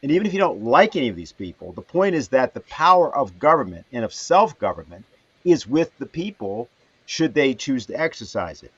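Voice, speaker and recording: A man hosting a livestream panel who speaks haltingly with many fillers. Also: medium pitch, sing-song, slightly rough, no room sound. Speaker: host. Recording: dull dry lo-fi audio.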